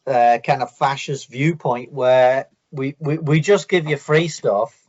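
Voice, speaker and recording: Host, male, mid pitch, stop-start casual delivery, muffled lo-fi call sound. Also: darkish tone. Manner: halting, repeats words, restarts often. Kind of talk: casual chat.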